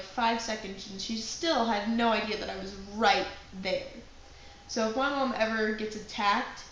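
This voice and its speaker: A young woman spins a funny anecdote for her class, chatty and full of asides. Her voice sits a bit high and bounces around a very echoey room, with a faint hiss underneath. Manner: animated, chatty storytelling with many asides. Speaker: acting class student. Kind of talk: personal anecdote told to a class.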